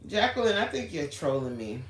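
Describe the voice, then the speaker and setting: A woman's voice: deep voice, big pitch swings, fairly quick. Chatty woman livestreaming in an echoey room. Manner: chatty, answers the live chat by name, storytelling. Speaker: livestream host chatting with viewers. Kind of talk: casual livestream chat. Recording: roomy echo, faint background noise.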